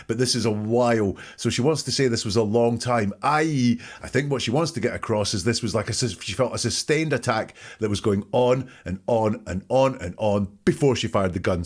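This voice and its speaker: Male podcast host, analytical, methodical, mid-pitched voice. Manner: methodical, picks apart wording. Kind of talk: analytical commentary.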